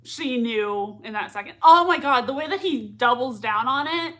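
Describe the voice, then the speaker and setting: A woman's voice: fairly high pitch, expressive, moderate pace, fairly bright tone. A young woman hosting a live reaction stream, gushing and repeating herself as she reacts and reads chat messages. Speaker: livestream reaction host.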